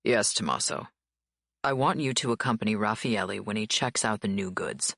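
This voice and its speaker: A woman voicing a cool, controlled male mafia boss who speaks calmly and evenly. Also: gravelly, no echo, clean studio sound, full character voice. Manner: calm, low, measured delivery.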